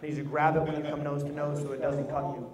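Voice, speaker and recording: High-pitched male coach, emphatic and directive, live in an echoey room full of people. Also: little pitch movement, racing. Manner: emphatic and directive, repeats his cues. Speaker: motivational coach leading a group exercise. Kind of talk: live instruction to a group. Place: large room with an audience. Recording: echoey hall with crowd noise.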